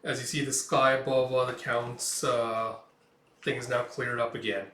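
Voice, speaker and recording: A man's voice: mid-range voice, little pitch movement, normal speed, fairly bright tone. Casual man narrating a comic. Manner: casual, many fillers, reacts aloud. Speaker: manga read-along host. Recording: roomy echo, distant mic.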